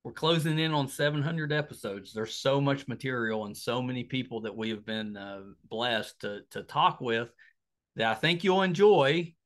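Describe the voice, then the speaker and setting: A middle-aged man with a West Virginian accent, a podcast host talking casually through an outro and a pitch for support, rambling with lots of fillers and restarts. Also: normal speed.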